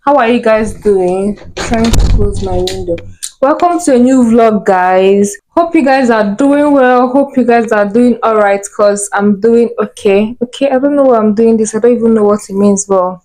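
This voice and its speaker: A woman's voice: on the high side, normal speed, warm tone, low-quality recording. A young woman vlogging to camera at home, chatting casually in a hyper, giggly way. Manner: chatty, hyper, laughs easily. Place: at home indoors.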